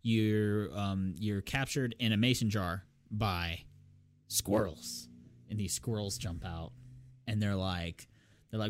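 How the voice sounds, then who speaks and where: A man co-hosting a casual podcast chat, eagerly retelling a video game and acting out its characters in quick voices. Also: fairly low pitch. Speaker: podcast co-host.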